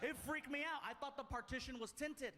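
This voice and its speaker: A man doing a stand-up comedy set, telling an animated story and mimicking people yelling. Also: very high-pitched, brisk, noisy background. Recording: live club show with audience laughter. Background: audience laughter.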